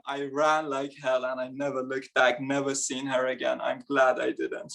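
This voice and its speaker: A man's voice: mid-range voice, flat delivery, unhurried, gravelly, a bit bright. A young man performing a stand-up comedy set, chatty and self-mocking, laughing between his lines. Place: live comedy event on stage.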